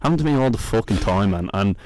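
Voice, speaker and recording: A man's voice: lowish voice, expressive, fast talker, darkish tone. A young man with a Dublin Irish accent co-hosting a podcast in casual, slangy chat, swearing and saying "man" a lot. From Ireland. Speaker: podcast co-host.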